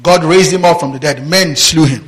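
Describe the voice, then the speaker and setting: A man preaches a Bible-teaching sermon, reading scripture aloud, prompting the congregation with rhetorical questions, mimicking voices, and laughing often. His voice is a little high and moderately paced, captured in a low-quality recording.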